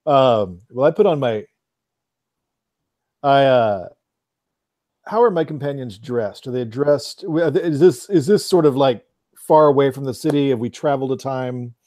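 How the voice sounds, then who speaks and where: A man's voice: mid-range voice, expressive, moderate pace, pauses often, dark tone. A man playing a tabletop game over a video call, talking in a chatty, hesitant way full of restarts. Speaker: player. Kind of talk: tabletop role-play.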